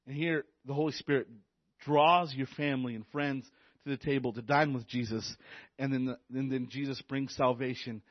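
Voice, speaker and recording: A man, a youth pastor, preaching a sermon with excited energy, repeating phrases and stammering on restarts. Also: mid-range voice, moderate pace, no echo, dull audio. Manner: enthusiastic, repetitive, stammers on restarts.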